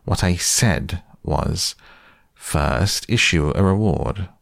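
A man's voice: low-pitched, lively intonation, slow pace, vocal fry, no echo, studio quality, exaggerated voice. A man voicing a pompous, wordy old male owl in a storybook reading. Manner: long-winded, pompous.

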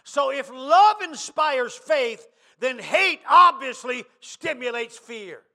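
A man pastor preaching a sermon, dropping quiet, then rising to shouted emphasis. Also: extremely high pitch, big pitch swings, slow pace.

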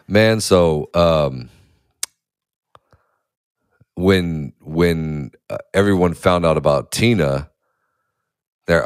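A man in his thirties with an extremely deep voice talks in a relaxed, casual way. He is blunt and profane and laughs easily. The sound is dry and close, with no room echo. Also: drawn-out words, long pauses, smooth. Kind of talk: casual chat.

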